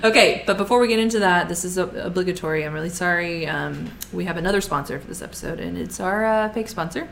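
A woman in her thirties co-hosting a podcast in casual, comedic chat, playful and quick to laugh. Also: on the low side, vocal fry, fairly bright tone, a little hiss or hum. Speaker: podcast co-host.

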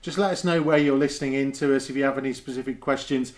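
A man's voice: mid-range voice, fairly even intonation, fast talker. Joking man hosting a podcast. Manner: chatty, joking, self-mocking. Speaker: podcast host. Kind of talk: casual podcast chat.

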